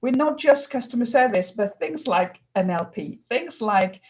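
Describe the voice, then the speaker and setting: Interview guest: middle-aged French-accented woman, fairly high-pitched, earnest and animated. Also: moderate pace, rough recording. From France. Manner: earnest, animated, laughs between phrases. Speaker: guest, customer experience consultant. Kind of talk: interview conversation.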